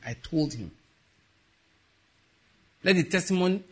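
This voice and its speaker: A man preaching a sermon, telling stories with quiet asides that build to emphatic peaks. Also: a little high, expressive, normal speed, pauses often, breathy edge. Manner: storytelling with soft asides and rising emphatic peaks.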